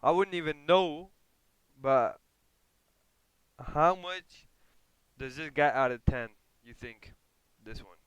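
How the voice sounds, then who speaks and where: A man streaming, reacting to a video in relaxed, casual commentary and often repeating his words. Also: fairly high pitch, takes it slowly, long pauses, smooth, dry recording, poor audio.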